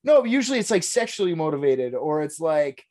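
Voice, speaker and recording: A mid-pitched podcast co-host who reacts to the story with baffled questions and loose swearing. The talk is casual and unscripted. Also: big pitch swings, fairly quick, warm tone. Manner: swears freely, reacts in confused disbelief. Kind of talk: casual chat.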